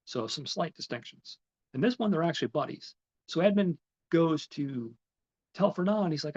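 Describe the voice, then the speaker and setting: A man's voice: fairly high pitch, expressive, normal speed, a little mellow. A man hosting a podcast, recapping a film in a rambling way with many ums and restarts. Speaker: podcast host. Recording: slightly dull, lo-fi recording.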